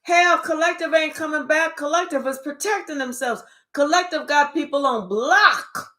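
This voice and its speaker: A woman doing a tarot reading speaks bluntly and emphatically, swearing and throwing out rhetorical questions throughout this spiritual monologue. Her voice is high and bright with a forceful tone, at a moderate pace.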